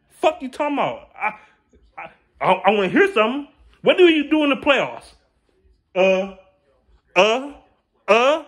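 A man's voice: high voice, fairly bright tone. A man delivering an angry, profane sports rant as a vlogger, repeating himself as he argues. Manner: angry, profane, repetitive ranting. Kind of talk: ranting to camera.

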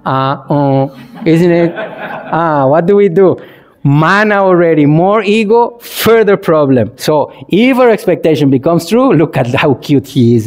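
Animated monk giving a dharma talk. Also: male voice, on the high side. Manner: animated, asks the audience questions, acts out examples. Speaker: Buddhist monk teacher.

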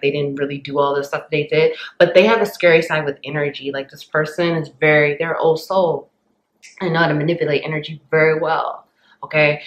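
A woman's voice: sits low, reverberant, low-quality recording. Intense rambling tarot reader woman. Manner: intense, rambling, emphatic with many restarts. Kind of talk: casual channeled tarot reading.

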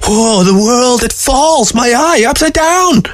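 Squealing storybook weasel, pitched way up, panicky and shrill, dry read. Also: male voice, expressive, takes it slowly, no room sound, faint music behind, full character voice. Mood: shrieking. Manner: screeching, panicky, repeating himself. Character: frantic shrieking male weasel, one eye loose.

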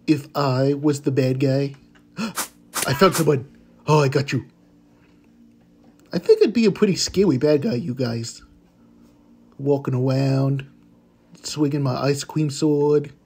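A man playing a cheerful, eager pitbull puppy hero who gasps and cracks goofy puns while narrating his game. His voice sits a bit high, with a warm, mellow tone and an unhurried, drawn-out pace. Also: slight background noise. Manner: excitable, gasping, goofy puns. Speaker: game commentator. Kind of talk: gameplay commentary.

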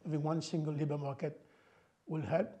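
A man's voice: a little high, little pitch movement, normal speed, mellow. An older man from Mauritius, a guest in an interview, explaining his views in an emphatic way and often adding "you know". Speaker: guest, former finance minister.

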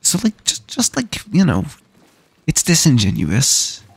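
A man's voice: on the high side, wildly swooping pitch, a little slow, vocal fry, slightly rough, dry recording. A young man from the UK ranting casually and swearing while playing a game, with frequent restarts. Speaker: gaming streamer. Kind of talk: casual rant while gaming.

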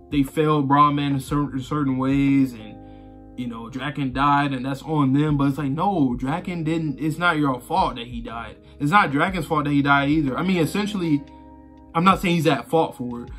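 A man's voice: mid-range voice, a bit bright. A man casually talking through his reaction to a manga, rambling and conversational, swearing freely and filling gaps with "you know" and "like.". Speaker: manga reaction channel host.

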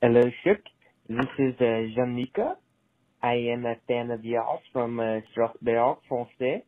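A man leaving a voicemail as a caller, putting on a hammy young male French soccer fan with halting mock French phrasing. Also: mid-range voice, a little hiss or hum, close to an everyday voice. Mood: earnest. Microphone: phone. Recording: tinny phone voicemail.

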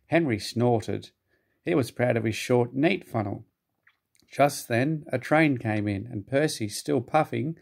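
A man reading a children's storybook aloud at an unhurried, gently expressive pace. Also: medium pitch, gravelly. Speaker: narrator.

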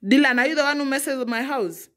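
A woman's voice: high-pitched, fairly quick, fairly bright tone. Young african mom fussing at her kid about the messy house, keeps repeating herself. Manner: exasperated, repetitive scolding. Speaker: mother. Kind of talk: casual scolding vlog.

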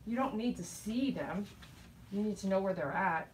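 A middle-aged woman and dog groomer chatting casually while she grooms, telling animated stories and laughing often. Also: medium pitch, normal speed, far from the mic, background noise. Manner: chatty, animated storytelling with quoted voices.

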